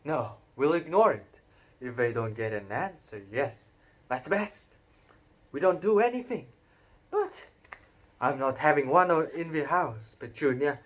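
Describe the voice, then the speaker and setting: A man reading a storybook aloud and voicing a gruff, blustering middle-aged uncle who shouts when angry. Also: fairly high pitch, sing-song, a little slow.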